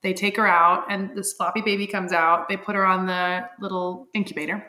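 A woman's voice: medium pitch, level tone, moderate pace, sharp tone. A woman in her thirties, a podcast guest, telling a personal story candidly and with feeling, laughing often and using many fillers.

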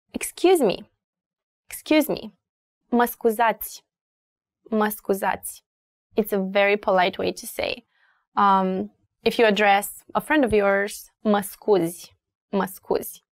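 A young woman with a Romanian accent teaching a language lesson, patient and repeating words slowly for practice. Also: medium pitch, no echo.

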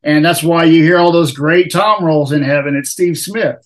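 Man, slightly high voice, host, relaxed, agreeable, casual chat. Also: moderate pace.

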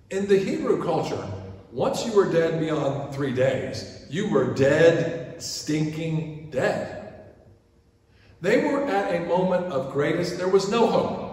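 A man preaching a sermon as pastor, shifting from loud quoted pleas to hushed asides. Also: fairly high pitch. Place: large church sanctuary. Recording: echoey church from far off.

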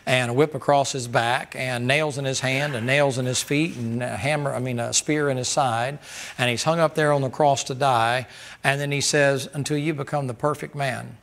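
Folksy preacher with gravelly voice. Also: male voice, medium pitch, fairly even intonation, moderate pace. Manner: folksy, joking, rising to loud laughing bursts. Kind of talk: sermon.

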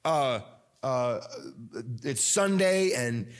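A man preaching a sermon as pastor. He talks in a conversational, animated way, with many fillers and restarts. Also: medium pitch, very slow.

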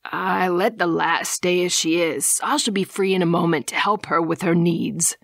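A woman voicing a crude, black-toothed dockhand who sneers in a slow, hushed voice. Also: fairly low pitch, steady tone, gravelly, dry recording, clean studio sound. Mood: leering.

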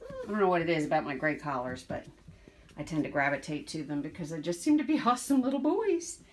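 A woman's voice: deep voice, big pitch swings, fast. A woman dog breeder chatting casually while showing her puppies, slipping into baby talk with them. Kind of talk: casual vlog narration. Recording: background noise.

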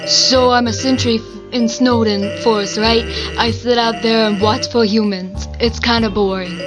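Lazy joking skeleton guy read by a woman, drawling and easygoing, fairly high voice. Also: steady tone, normal speed, music in the background, natural voice. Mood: laid-back. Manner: laid-back, drawling, joking. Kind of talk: reading game dialogue aloud.

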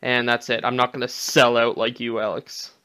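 A man's voice: medium pitch, little pitch movement, normal speed, sharp tone, clean tone, no room sound. Hesitant man from Canada. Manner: awkward, hesitant with many ums. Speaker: podcast host. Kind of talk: casual gaming podcast chat.

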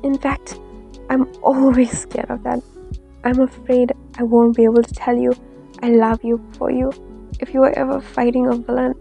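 Woman reading a scared hurt young hero, soft and trembly, gravelly low voice. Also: level tone, moderate pace, faint music behind. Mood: shaken. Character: frightened injured young hero, the listener. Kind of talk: fanfiction reading.

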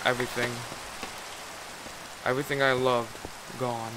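A man's voice: medium pitch, flat delivery, unhurried. A man giving casual let's-play commentary on his game, grumbling and exasperated as he plays. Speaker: gaming YouTuber. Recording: loud background noise.

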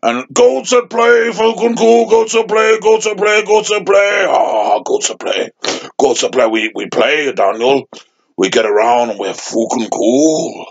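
A man's voice: medium pitch, unhurried, highs cut off, natural voice. A man voicing a crude, swearing male goat puppet in a comedy skit, boastful and sing-song. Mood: chanting. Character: foul-mouthed cheeky male goat puppet.

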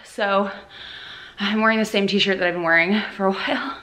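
A young woman chatting casually to her camera in a vlog, slangy and quick with asides. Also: mid-range voice, fairly even intonation, bright, forceful tone. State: out of breath after a workout. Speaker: vlogger.

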